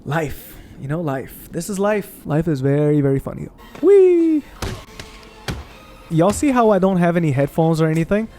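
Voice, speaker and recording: Young male streamer, slightly high but mellow voice, loud and animated, swears freely while telling stories over gameplay. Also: brisk, few pauses, soft background music. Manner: expressive, profane, animated rants. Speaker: gaming streamer. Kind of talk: casual storytelling over gameplay. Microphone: condenser mic on desk.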